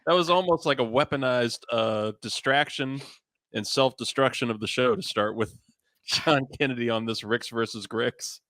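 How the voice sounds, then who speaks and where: Smooth-voiced young male host. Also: mid-range voice, normal speed, a bit bright, no echo, clean studio sound. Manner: rambling, self-amused, lots of restarts. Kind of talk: casual chat on a sports variety show.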